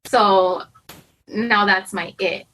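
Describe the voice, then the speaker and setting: A husky-voiced woman in her thirties talks through her worries as a podcast guest. Her speech tumbles out with fillers and restarts, self-doubting and open. The tone sits at an ordinary middle pitch. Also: fairly bright tone, low-quality recording. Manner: anxious, self-doubting, fast rambling with many fillers. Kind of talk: candid conversational interview.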